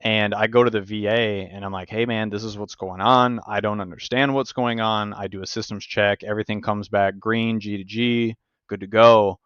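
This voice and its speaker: Profane, animated male podcast host. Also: fairly low pitch, normal speed, clean tone, no room sound, highs cut off. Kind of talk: casual chat.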